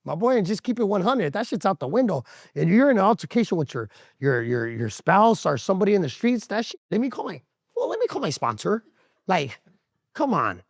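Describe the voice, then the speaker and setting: A man's voice: a little high, no room sound, studio quality. A man talking candidly in a casual interview, rambling and profane, with streetwise slang and frequent laughter. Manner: animated, laughs often.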